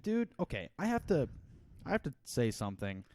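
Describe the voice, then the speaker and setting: A man's voice: mid-range voice, wildly swooping pitch, brisk, mellow, dry recording, studio quality. A young man co-hosting a podcast in loose, rambling casual chat, laughing often and dropping into silly accents. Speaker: podcast co-host.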